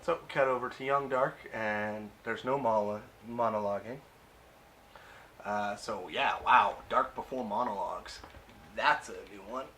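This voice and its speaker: A man's voice: on the low side, measured pace, bright, forceful tone, slight background noise. A man casually recapping and reviewing a TV episode, chatty and amused, with plenty of uh and um.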